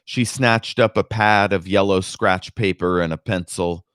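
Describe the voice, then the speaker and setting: Slow, low-voiced male narrator. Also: fairly even intonation, a bit bright, smooth, no echo, studio quality. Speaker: podcast host reading a novel. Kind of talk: audiobook narration with commentary.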